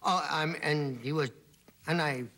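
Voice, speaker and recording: A man's voice: on the high side, a little slow, pushed and bright. A man from Brooklyn, a comedian guest telling rambling anecdotes on a talk show. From Brooklyn, New York. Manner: rambling storyteller, acts out voices.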